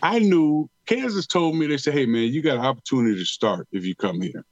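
A man's voice: fairly high pitch, a little fast, no echo, muffled recording. A middle-aged man from Detroit, a retired pro football player, telling stories in a casual interview with slangy talk and many repeated words. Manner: animated storyteller, drawls and repeats words, slangy.

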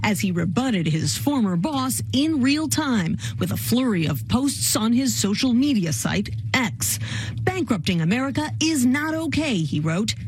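A woman reporting as a news correspondent in a crisp, measured, scripted way. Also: fairly high pitch, expressive, darkish tone, a little hiss or hum.

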